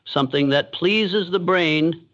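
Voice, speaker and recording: A man giving a scripted motivational narration in a measured, deliberate way with pauses. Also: a little high, fairly bright tone. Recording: dull lo-fi sound.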